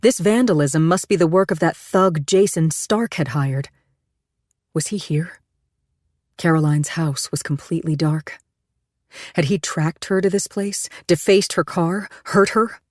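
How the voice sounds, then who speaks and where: A woman reading an audiobook thriller in steady, measured scripted narration. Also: sits low, no echo, studio quality.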